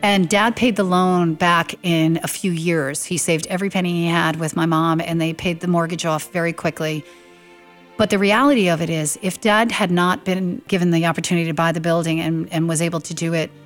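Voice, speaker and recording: A woman with a fairly low voice tells a family story as a lively storyteller. She acts out the people she quotes, lifting her voice for their lines. Soft music plays faintly behind her. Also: moderate pace. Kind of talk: anecdotal storytelling.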